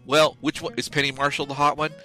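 A man's voice: a little high, level tone, fast talker, sharp tone, faint music behind, poor audio. A man co-hosting a casual podcast, talking in a rambling, profane, jokey way. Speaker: podcast co-host. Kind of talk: casual chat, reading a joke ad.

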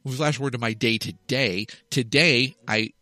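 A man's voice: mid-range voice, normal speed, sharp tone, dry recording. A man in his thirties, a podcast co-host telling a rambling, profane comic story in casual chat. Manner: rambling storyteller, swears freely.

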